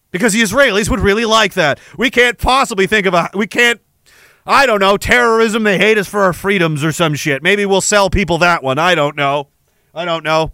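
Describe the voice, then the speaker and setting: A man's voice: high voice, a little fast, sharp tone, no room sound, clean studio sound. A man hosting a podcast, delivering an angry, sarcastic, profane monologue. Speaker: podcast host. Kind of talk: ranting monologue.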